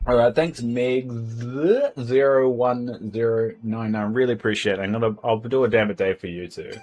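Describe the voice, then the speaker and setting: A man's voice: mid-range voice, fairly even intonation, moderate pace, darkish tone, dull audio. A man chatting casually on a livestream from home, rambling and tripping over his words as he reads out donations. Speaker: streamer. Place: home, indoors.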